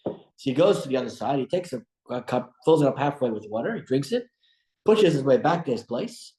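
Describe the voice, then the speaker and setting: A man teaching a religious study class as a rabbi, telling stories in an animated way with frequent restarts. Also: medium pitch, fairly quick. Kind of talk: storytelling religious lesson. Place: room at a breakfast study group. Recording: echoey room.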